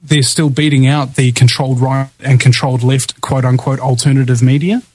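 A man with a New Zealand accent hosts a live talk radio show. He speaks at an ordinary pitch and rambles, stopping and restarting with plenty of fillers. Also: little pitch movement, normal speed, darkish tone, slightly rough, no room sound, poor audio. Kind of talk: casual talk radio interview.

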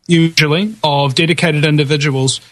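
A man's voice: a little high, steady tone, normal speed, a bit bright. A man on a talk radio show, explaining his views at length in a thoughtful way, with many uhs.

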